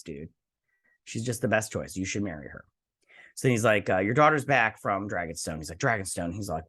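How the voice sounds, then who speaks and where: Rambling, tired man recapping a TV episode. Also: lowish voice. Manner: rambling, loose, slangy retelling. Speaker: TV review host.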